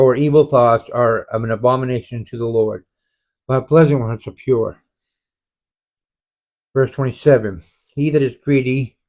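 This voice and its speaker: Slow, halting man reading scripture. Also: mid-range voice, a little mellow. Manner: halting, frequent self-corrections and restarts. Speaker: Bible study leader. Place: home, online group study.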